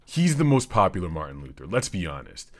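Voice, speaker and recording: A man's voice: sits low, big pitch swings, brisk. A man hosting a comedy podcast, rambling through a profane, jokey monologue. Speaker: podcast host.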